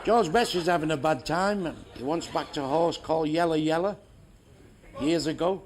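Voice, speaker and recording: A man's voice: a little high, normal speed, noisy background. A man telling crude jokes as a stand-up comedian, swearing heavily and landing blunt punchlines.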